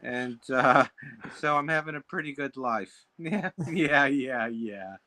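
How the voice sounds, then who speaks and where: Bright, rambling joking man. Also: mid-range voice, slow. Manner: rambling, giggly, absurd joking. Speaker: cartoonist, co-host. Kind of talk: casual chat.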